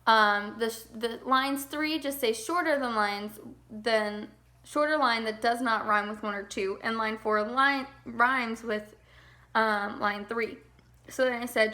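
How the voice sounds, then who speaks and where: Young woman teacher talking kids through a lesson, clear bright voice, kinda high, patient, keeps asking okay?. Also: slow pace. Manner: patient, explains step by step, often checks in with "okay?". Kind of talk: recorded remote lesson for children.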